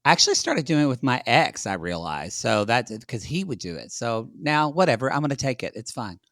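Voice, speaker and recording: A man with a drawl chatting on a podcast, his pitch swinging wildly from low to high as he tells stories. His voice has a bright, sharp edge. It sits close and dry on the mic, with no room sound. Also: a little fast, no echo. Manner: animated storyteller who breaks into high, shrill mock voices. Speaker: podcast guest, reality TV commentator. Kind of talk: casual podcast chat.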